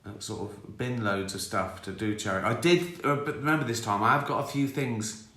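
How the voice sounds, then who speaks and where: Answering viewer questions on a casual live stream, this sixty-something man wanders off on tangents, laughing at his own expense and chuckling often. His voice is fairly low and a bit bright, moving a little fast, with the room's echo audible around it.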